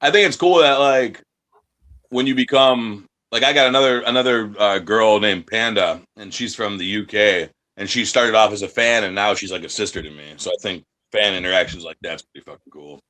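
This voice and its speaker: An American independent wrestler with a fairly low, fairly quick, pushed and bright voice talks in a casual interview. Brash and profane, he acts out other people's voices as he tells his stories.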